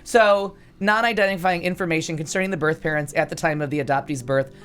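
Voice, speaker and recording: A man's voice: fairly high pitch, fast, fairly bright tone, clear, resonant tone, faint music behind. A man in his forties from upstate New York, telling a story in casual chat with sarcastic, wry humor. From Niagara Falls, New York.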